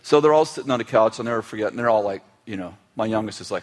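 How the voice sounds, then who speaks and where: A man's voice: on the low side, racing, hardly any pauses. A middle-aged man preaching a sermon, telling family stories and acting out their quotes with humor. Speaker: pastor.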